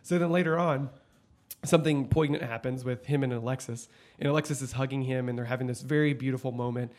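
A man co-hosting a podcast in casual chat, animated and swearing freely as he recounts scenes. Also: medium pitch, fast talker. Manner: animated, swearing, quotes scenes in put-on voices. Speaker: podcast co-host.

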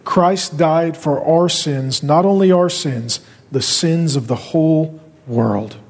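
A middle-aged male pastor preaching a sermon with impassioned, dramatic pauses, in a church auditorium. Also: a little high, a little mellow. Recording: reverberant large hall.

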